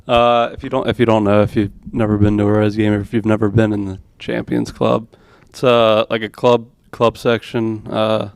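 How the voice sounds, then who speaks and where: A man's voice: lowish voice, flat delivery, moderate pace, creaky, hardly any pauses, clean tone, no echo. A man, a podcast guest, explaining things casually with hesitant fillers. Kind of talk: casual chat.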